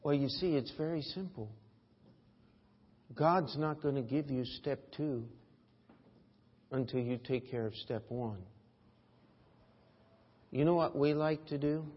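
Husky preaching pastor, man, in a reverberant church. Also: mid-range voice, slow pace, pauses often. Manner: preaching with swings from quiet to loud emphasis. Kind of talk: sermon. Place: church sanctuary. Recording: dull reverberant church audio.

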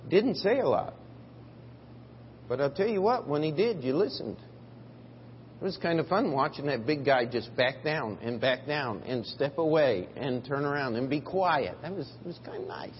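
A man preaching a sermon in a church, telling a story and moving between quiet, drawn-out phrases and loud, emphatic bursts. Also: medium pitch, animated, slight background noise. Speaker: pastor. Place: church sanctuary. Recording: dull audio in a reverberant hall.

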